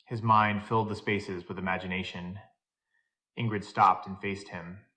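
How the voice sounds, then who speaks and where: A man reading a scripted drama story in an even, steady narration. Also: low voice, normal speed.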